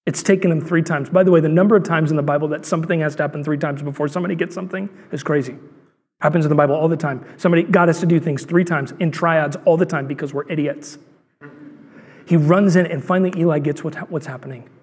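A man's voice: on the high side, steady tone, fast talker, a little mellow, slightly rough. A man in his thirties preaching a sermon as a pastor, telling a story and acting out the voices in it. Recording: long hall reverb.

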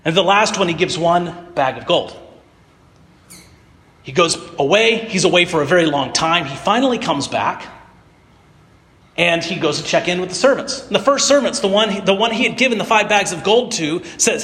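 Guy preaching a sermon, kinda high voice, casual storyteller vibe, lots of hall echo. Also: lively intonation, moderate pace, fairly bright tone. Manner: casual storytelling retelling of parables. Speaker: pastor. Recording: echoey hall reverb.

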